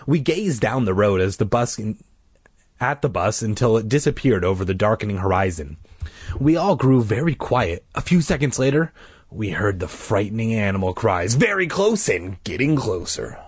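A man's voice: lowish voice, sing-song, normal speed, breathy edge, dry recording. A man casually reading a spooky children's book aloud, dramatizing it and slipping in joking asides. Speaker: reader.

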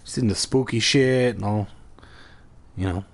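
A man's voice: on the low side, a little slow, gravelly. A man casually reading a kids' horror book aloud, breaking off for swearing, self-mocking asides while drinking. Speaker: amateur reader.

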